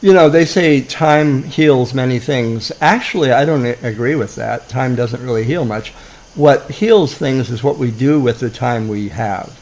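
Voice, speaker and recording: Guy hosting a live chat room, mid-pitch voice, trips over his words and restarts a lot. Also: unhurried, darkish tone, poor audio. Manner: rambling with many restarts and chuckles. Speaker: host of a live audio room. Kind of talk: casual chat.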